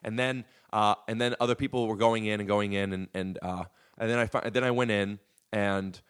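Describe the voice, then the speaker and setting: A man's voice: on the low side, fairly even intonation, moderate pace, fairly bright tone, clean tone. A man guesting on a podcast, telling rambling, profane stories with lots of fillers. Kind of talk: casual storytelling.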